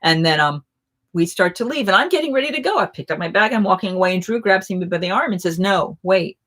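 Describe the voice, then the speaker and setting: A woman hosting a casual live chat, telling rambling, animated anecdotes. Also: mid-range voice, fast talker.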